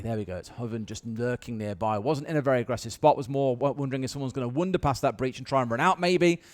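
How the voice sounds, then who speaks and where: A man casting an esports match, calling the action play by play and getting excited on big plays. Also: medium pitch, slight background noise. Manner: fast, excitable, rises to shouts on big plays. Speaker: esports caster. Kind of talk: play-by-play commentary.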